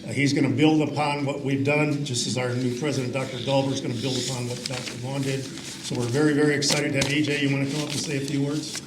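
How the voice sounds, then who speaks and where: A man giving a relaxed, somewhat halting introduction at a ceremony. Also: medium pitch. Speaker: master of ceremonies. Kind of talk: ceremony speech. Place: large reverberant banquet hall. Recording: roomy hall with clear background noise.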